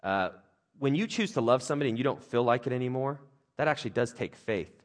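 A man's voice: mid-range voice, fast. A man, a father of young kids, preaching a conversational sermon with jokes and playful put-on voices. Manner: animated, conversational, jokey, with playful voices for others. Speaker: pastor.

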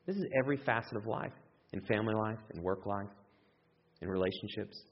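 A man preaches a sermon with a low, husky voice, acting out eager quotes with sudden high leaps in pitch. The sound is dull and lo-fi, with a long echo from a large hall. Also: fairly quick. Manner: animated, acts out excited quotes with big pitch jumps. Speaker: pastor.

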